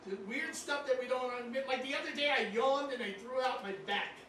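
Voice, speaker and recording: A man in his fifties performs stand-up in a lounge on a cruise ship, chatting and poking fun at the crowd. His voice sits very high, and it echoes heavily around the room, picked up from some distance with a steady hum of background noise behind it. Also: brisk. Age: 50s. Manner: conversational, teasing the crowd. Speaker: stand-up comedian. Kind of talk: stand-up comedy set. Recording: echoey room mic, caught from far off. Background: audience laughter.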